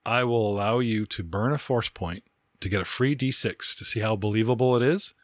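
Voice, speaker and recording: A man's voice: lowish voice, fairly quick, dry recording, studio quality. A man hosting a podcast as game master, describing scenes in a chatty, rambling way. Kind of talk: running a tabletop game.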